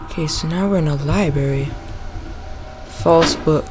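A young man giving excitable let's play commentary on a horror game, yelping and shouting when startled. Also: fairly high pitch, unhurried, noisy background. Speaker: gaming YouTuber.

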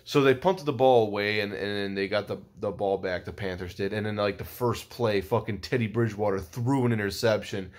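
A young man recapping a football game in a casual vlog, swearing constantly and rambling with lots of fillers and excited outbursts. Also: fairly low pitch, brisk, hardly any pauses. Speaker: sports fan vlogger.

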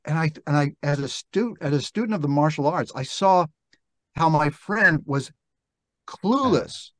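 Speaking on the high side with lively intonation, this older podcast guest narrates reflectively and without hurry, halting and restarting as he performs quoted dialogue in his stories. It's a relaxed storytelling interview, picked up on a podcast microphone with close, dry, echo-free sound.

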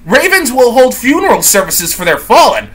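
A man's voice: very high voice, big pitch swings, normal speed, fairly bright tone. A man co-hosting a podcast, trading crude comedic banter and telling absurd bits with a giggle. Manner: giggly, tells absurd bits with silly voices. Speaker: podcast co-host.

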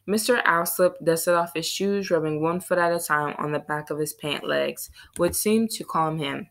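A woman narrating a children's novel in a steady storytelling read. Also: deep voice, moderate pace, creaky, hardly any pauses. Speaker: audiobook reader. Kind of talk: scripted narration.

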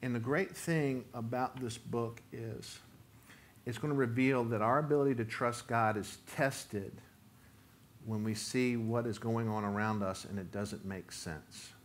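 A man preaching a sermon, reading scripture and breaking into emphatic, near-shouted lines as he voices the prophet's complaint. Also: mid-range voice, a little slow, a little hiss or hum. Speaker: pastor.

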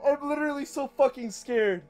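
A woman's voice: high voice, brisk, darkish tone, soft background music. A young woman streaming a horror game, shrieking in fright, swearing heavily and laughing nervously.

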